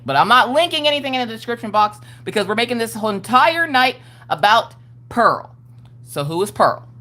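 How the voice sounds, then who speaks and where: A woman's voice: medium pitch, a bit bright. A woman hosting a casual crafting livestream, upbeat and greeting viewers one by one by name. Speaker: livestream host.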